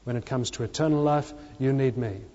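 A man's voice: mid-range voice, fairly quick, dark tone. A man preaching a sermon in a church, emphatic, repeating key phrases and dropping his voice when he quotes. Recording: lo-fi reverberant church recording.

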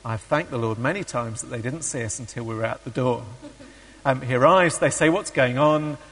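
A man's voice: medium pitch, a little fast, fairly bright tone. A man giving a sermon, hesitant with many ums, who reads a story aloud and acts out the quoted voices. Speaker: preacher. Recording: long hall reverb.

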